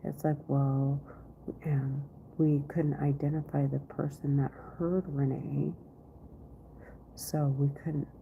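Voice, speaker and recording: A woman vlogging from her office in a rambling monologue, often half-whispered and halting, with many restarts. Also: sits low, flat delivery, gravelly. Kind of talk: rambling live-stream monologue. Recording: tinny phone-like recording, faint noise.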